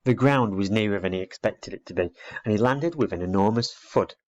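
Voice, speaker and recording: A man reading a children's storybook aloud, steady and expressive. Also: lowish voice, a little fast. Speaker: reader. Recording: dull lo-fi recording.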